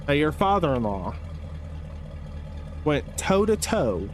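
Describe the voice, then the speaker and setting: A man hosting a gaming live stream, chatting casually in an animated, incredulous way and laughing often. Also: a little high, takes it slowly, long pauses, slight background noise.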